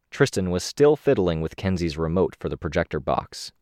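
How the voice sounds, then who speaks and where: A man narrating an audiobook in a steady, expressive reading. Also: low voice, moderate pace, no room sound, clean studio sound.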